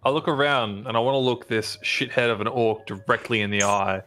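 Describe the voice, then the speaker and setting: A man's voice: medium pitch, fairly quick, fairly bright tone. Blunt man player in a game. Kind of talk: casual game chat.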